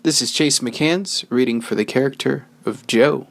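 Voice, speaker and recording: A man's voice: medium pitch, moderate pace, gravelly, a little hiss or hum. A man reading an audition for a cowboy part, overplaying the lines. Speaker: auditioning actor. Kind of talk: audition read.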